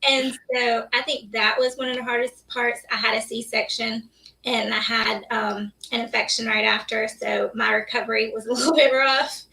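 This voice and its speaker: Nurse guest, woman, bright and slightly high voice, candid and laughing, heard a little off the mic. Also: flat delivery, moderate pace, creaky, far from the mic, poor audio. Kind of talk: casual interview chat.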